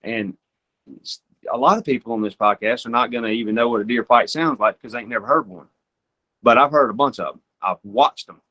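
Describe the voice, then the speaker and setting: A young man from Georgia, talking as a podcast guest. He tells hunting stories with energy and acts out the sounds he describes. His voice sits at an ordinary middle pitch. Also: a little fast. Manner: animated, imitates deer sounds and calls. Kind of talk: storytelling hunting advice.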